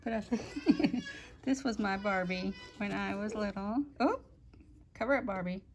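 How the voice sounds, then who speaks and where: A woman filming a casual family vlog, chatting gently and talking softly to her children. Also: mid-range voice, a little slow, a little hiss or hum. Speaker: family vlogger. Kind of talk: casual home video narration.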